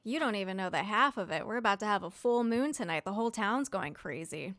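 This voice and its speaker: A woman's voice: medium pitch, expressive, fairly quick, a bit bright, dry recording. A woman voicing a weary, chatty male innkeeper who misses adventuring, blunt and gossipy.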